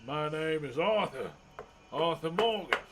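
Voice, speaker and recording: Brief: gruff cowboy outlaw, slow Western drawl, fairly high, unhurried as a man puts him on. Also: animated, heavy background noise. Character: gruff rough-talking male cowboy outlaw, middle-aged.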